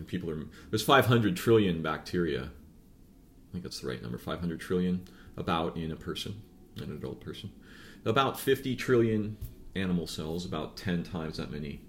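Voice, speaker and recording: A man's voice: sits low, a little hiss or hum. A man speaking in a musing, digressive improvised monologue, full of fillers and tag questions like "right?" and "yeah?". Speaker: philosophical speaker. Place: outdoors or near a neighbor's noisy machine.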